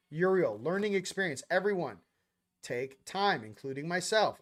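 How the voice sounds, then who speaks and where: Rambling slangy man, fairly high voice. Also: expressive, normal speed, a bit bright. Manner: rambling, slangy, jumps between topics. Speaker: host. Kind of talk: casual spiritual livestream chat.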